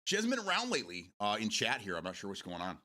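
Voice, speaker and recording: A man's voice: fairly low pitch, wildly swooping pitch, fast talker, pushed and bright. A man hosting a live stream, chatting casually with his viewers, swearing freely and drifting off on tangents. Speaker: livestream host.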